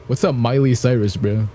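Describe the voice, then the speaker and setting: A man's voice: measured pace, a little hiss or hum. A man chatting playfully to viewers, joking around and laughing often. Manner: playful and joking, sings snatches of songs badly on purpose; laughs often, gets loud and high when amused. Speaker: streamer reacting to videos. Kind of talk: casual chat to viewers.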